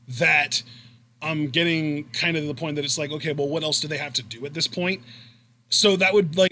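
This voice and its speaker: A man's voice: fairly high pitch, pushed and bright, slight background noise. A young man co-hosting a casual wrestling chat, talking at length and laughing easily. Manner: chatty, rambling, laughs easily. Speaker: co-host.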